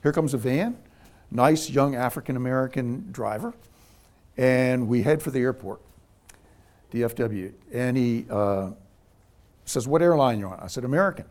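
A middle-aged man recounting a family story with lively, conversational energy. His voice sits at an ordinary middle pitch. He slips into the voices of the people he quotes as he tells it. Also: normal speed, long pauses. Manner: animated anecdote teller, voices quoted people. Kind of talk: casual storytelling.

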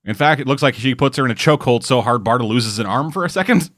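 A man's voice: mid-range voice, expressive, quick pace, fairly bright tone, no echo, studio quality. A man hosting a casual comic book podcast, rambling and swearing freely as he talks. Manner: profane, rambling, jokey. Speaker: podcast host.

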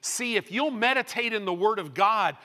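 A male preacher with a high, lively voice that rises and falls widely. He delivers his sermon in bright, forceful tones, shifting from loud bursts to quiet asides. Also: moderate pace.

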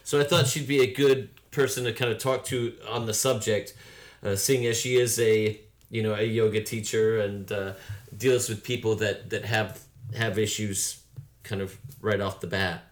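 A man's voice: lowish voice, fairly even intonation, normal speed. A man co-hosting a podcast who talks casually, laughs often and hesitates with lots of fillers. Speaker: podcast co-host and interviewer.

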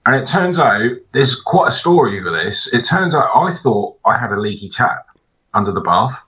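A man chatting casually as a podcast co-host, telling animated, sweary stories. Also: mid-range voice, moderate pace, rough recording. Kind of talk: casual chat.

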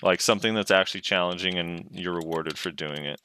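A man's voice: deep voice, fairly quick, bright, forceful tone, clean tone. A man co-hosting a casual gaming podcast, blunt and wry, swearing offhandedly. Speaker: podcast co-host.

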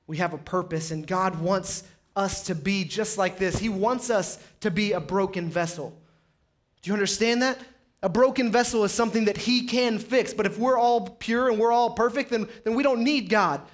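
High-voiced impassioned preacher man. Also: normal speed. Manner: impassioned, rises high and loud on pleas then drops low. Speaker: pastor. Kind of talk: sermon. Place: church sanctuary.

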